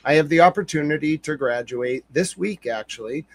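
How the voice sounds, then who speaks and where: A man's voice: on the high side, brisk, background noise. Earnest, rambling young man. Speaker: guest, news livestreamer. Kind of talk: casual chat.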